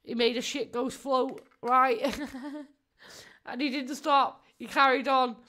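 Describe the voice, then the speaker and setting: A woman's voice: high-pitched, flat delivery, takes it slowly, bright, forceful tone. A woman, giving casual live-stream commentary in a mocking tone, laughing often and swearing freely.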